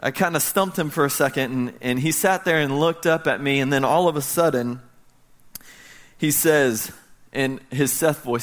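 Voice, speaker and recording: With a mid-range voice and moderate pace, a man in his thirties from the United States preaches as pastor. He tells a story in a lively manner, shifting from loud moments to hushed ones.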